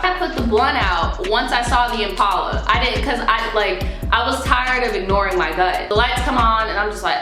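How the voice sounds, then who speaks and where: A young woman from New York telling a story in an animated, chatty, profane way. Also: medium pitch, normal speed. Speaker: vlogger. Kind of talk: casual storytime. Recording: roomy echo with faint music.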